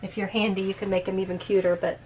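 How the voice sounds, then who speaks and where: A woman's voice: mid-range voice, little pitch movement, fast, darkish tone, distant mic, low-quality recording. A chatty woman walks through her motorhome for a vlog, explaining features as she shows them. She sits a little away from the mic, and faint ambient noise runs underneath. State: out of breath. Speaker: RV vlogger. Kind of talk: casual walkthrough of a motorhome.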